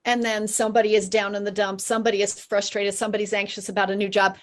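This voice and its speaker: A woman on a video call from home, chatting casually and telling lively stories about a group program, acting out what people say. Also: medium pitch, fast. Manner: animated storyteller acting out quotes. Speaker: program member.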